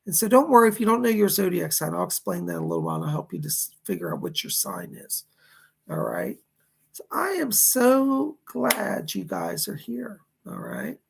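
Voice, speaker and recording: A man's voice: sits high, huge pitch swings, normal speed, vocal fry, fairly bright tone, a little hiss or hum. A man hosting a psychic astrology livestream, chatting casually and reading out viewer comments as he responds to them. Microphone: computer setup at a keyboard.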